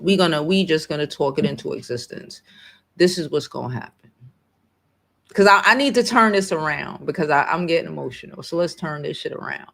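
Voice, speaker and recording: A woman's voice: low-pitched, expressive, a little fast, creaky, a bit bright. A woman hosting a casual livestream, talking in an emphatic, emotional way and swearing freely. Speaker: livestream host.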